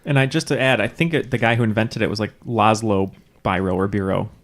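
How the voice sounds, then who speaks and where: A man's voice: lowish voice, fairly even intonation, a little fast. A man playing a trivia game on a podcast. He talks loosely and jokily, breaking into laughs now and then. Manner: jokey, laughs often. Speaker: quiz contestant. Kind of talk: casual banter.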